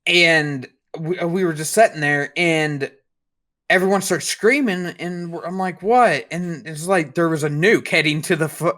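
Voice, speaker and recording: A young man co-hosting a podcast, telling a dream story in a rambling, halting way. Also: fairly high pitch, bright, forceful tone. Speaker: podcast co-host. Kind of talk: casual chat.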